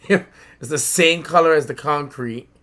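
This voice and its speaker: A young man from the Bronx telling a childhood story in casual podcast chat, animated, swearing freely and acting out the voices of people he quotes. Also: on the high side, a little slow. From the Bronx, New York. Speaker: podcast co-host. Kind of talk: casual storytelling among friends.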